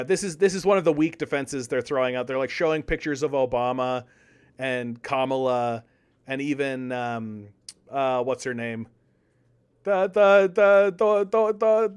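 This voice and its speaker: A young man doing casual live-stream political commentary, animated, repeating words and arguing with his chat. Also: medium pitch, normal speed, clean tone. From Canada.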